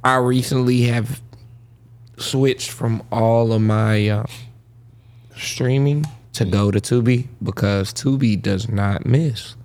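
Slow-talking podcast man with hiccups. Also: medium pitch, fairly even intonation, darkish tone. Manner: slow, thoughtful, laughs easily. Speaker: podcast co-host. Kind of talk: casual chat.

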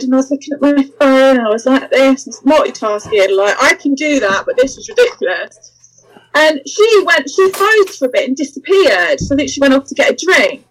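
A woman's voice: high voice, a little fast, poor audio. A woman, a guest in an interview, telling a story candidly and acting out the voices of the people in it. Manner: animated, acts out quoted voices, laughs through the story.

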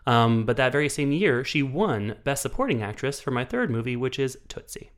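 A man's voice: mid-range voice, big pitch swings, brisk. A man co-hosting a film podcast, chatting in a wry, rambling way. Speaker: podcast co-host, film critic. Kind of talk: casual chat.

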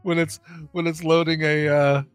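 A man's voice: on the high side, little pitch movement, normal speed, smooth, faint music behind. A man co-hosting a podcast in casual chat, laughing often and restarting his sentences. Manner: laughing, hesitant, full of restarts. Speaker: podcast co-host.

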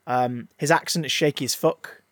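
A man co-hosting a podcast, chatting casually about a film, animated and swearing freely as he acts out scenes. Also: medium pitch, normal speed, no echo. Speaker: podcast co-host. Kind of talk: casual film review chat.

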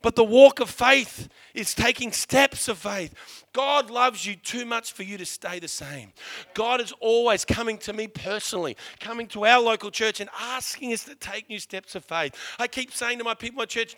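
A middle-aged pastor delivers a sermon with real fervour. His voice sits high and rings bright. He urges his listeners loudly, then drops to a hushed, earnest tone to drive a point home. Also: moderate pace. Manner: impassioned, shifting from loud urging to hushed emphasis.

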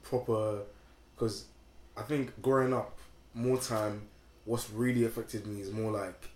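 A man's voice: fairly low pitch, flat delivery, a little slow, darkish tone. A young man with a London accent telling stories in a casual chat, full of slang and fillers. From England. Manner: slangy storytelling with many fillers. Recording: echoey room with faint background noise.

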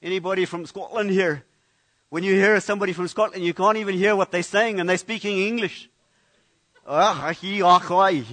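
A man with a high voice preaches a sermon in a church. He talks in a loose, conversational way, often going back to repeat a word before he carries on. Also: steady tone, a little fast, a bit bright. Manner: conversational preaching with frequent restarts and repeated words. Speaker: pastor.

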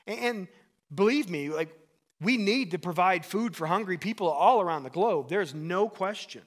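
A man in his thirties preaching a sermon with a slightly higher voice than most men. He talks to the congregation in an earnest, conversational way, throwing in asides and questions as he goes. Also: animated, normal speed. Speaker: pastor.

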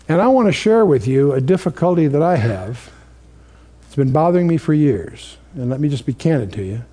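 A man's voice: on the high side, warm tone. A man preaching a sermon in a conversational, storytelling way, asking the audience questions.

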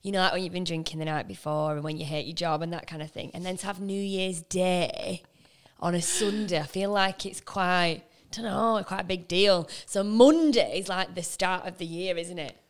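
A woman's voice: on the low side, steady tone, moderate pace. A woman from England co-hosting a podcast, chatting casually and laughing often. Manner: chatty, giggly, slips into mock accents. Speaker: podcast co-host. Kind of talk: casual chat.

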